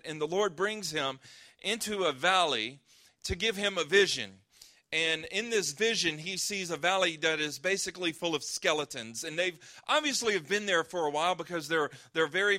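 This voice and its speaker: Male pastor, earnest sermon delivery, conversational asides, bright and somewhat high voice. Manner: earnest, reads scripture slowly, prays; conversational with fillers and restarts.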